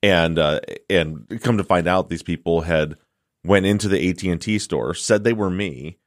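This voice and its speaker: A man co-hosting a podcast, telling a story in casual chat, swearing freely and acting out his own shouting. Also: deep voice, normal speed, no echo, clean studio sound. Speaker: podcast co-host.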